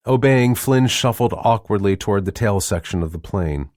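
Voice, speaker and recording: Male audiobook narrator, very low voice, measured delivery, dry studio read. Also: dry recording. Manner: measured, even storytelling. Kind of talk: scripted narration.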